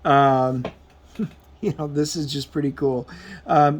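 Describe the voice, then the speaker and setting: A man giving a casual comic book review as he flips through the pages, rambling and halting with plenty of filler words. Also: on the high side, steady tone. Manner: rambling, halting, full of um and you know.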